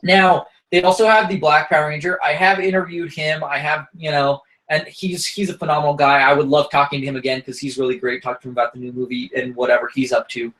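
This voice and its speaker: A man's voice: fairly high pitch, little pitch movement, quick pace, hardly any pauses, fairly bright tone, low-quality recording. A man hosting a casual comics podcast, talking in an enthusiastic, rambling way. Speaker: podcast host reviewing comics.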